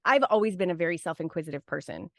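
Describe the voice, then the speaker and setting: A woman's voice: on the low side, lively intonation, quick pace, creaky, fairly bright tone, no echo, studio quality. A woman speaking as a podcast guest, talking in a casual, reflective, rambling way full of "like" and "right?". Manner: rambling, restarts, frequent "like" and "right?". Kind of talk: casual reflective interview talk.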